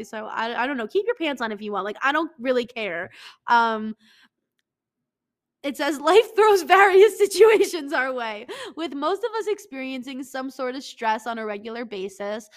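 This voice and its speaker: A woman in her twenties with a stuffy nose, talking casually and reading from an article, rambling, profane and self-mocking, with lots of "like.". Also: high voice. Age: 20s.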